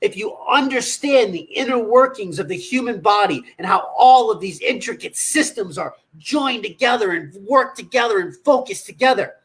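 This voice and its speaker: Blunt, husky-voiced man coaching. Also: high voice, lively intonation, normal speed, hardly any pauses, fairly bright tone. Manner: blunt, profane, scolding. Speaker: nutrition coach. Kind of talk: livestream coaching talk.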